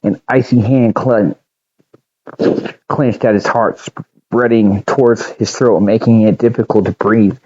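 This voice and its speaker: A man reading an original story aloud, unhurried, with a few slips and restarts. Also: lowish voice, steady tone, dark tone, husky, muffled recording.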